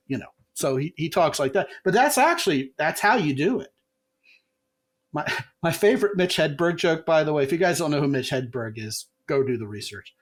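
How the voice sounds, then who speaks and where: A middle-aged man hosting a podcast as a comedy coach, telling stories in a lively way and jumping his pitch for quoted voices. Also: normal speed. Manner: animated storyteller, jumps pitch for quoted voices. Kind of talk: casual podcast chat.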